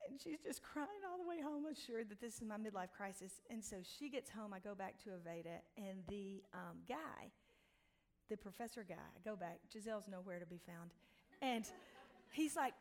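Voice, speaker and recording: A woman's voice: medium pitch, normal speed. A woman in her forties telling a humorous faith-based story to a women's group, acting out the voices of the people in it. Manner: animated, acts out quoted voices. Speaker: speaker at a women's faith gathering.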